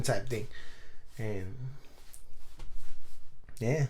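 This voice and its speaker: A man's voice: mid-range voice, moderate pace, long pauses, a little mellow, slight background noise. A young man on a podcast telling a long story in slangy, profane, rambling chat full of fillers. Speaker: podcast co-host.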